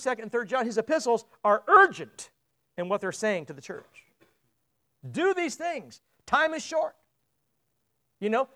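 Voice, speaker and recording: A man with a strikingly high voice preaches a sermon to a congregation in a church. He talks casually, checks in with the listeners through questions, and stumbles over repeated words whenever he pushes a point home. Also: pushed and bright.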